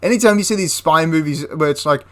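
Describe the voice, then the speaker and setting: A man's voice: a little high, fast talker, a bit bright. A young man casually retelling a wartime history story, chatty and prone to correcting himself mid-sentence. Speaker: history channel host.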